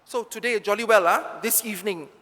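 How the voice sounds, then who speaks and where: Man, Malaysian English accent, priest's homily, joking with the congregation, high voice, long church reverb. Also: brisk, bright, forceful tone. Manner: chatty, joking, talks straight to the congregation. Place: large church.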